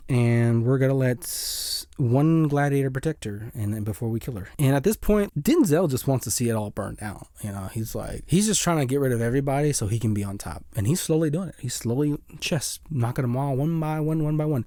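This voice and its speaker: A young man casually recapping a movie, rambling and animated, acting out the characters' lines in passing. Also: mid-range voice, brisk, few pauses, no echo, studio quality.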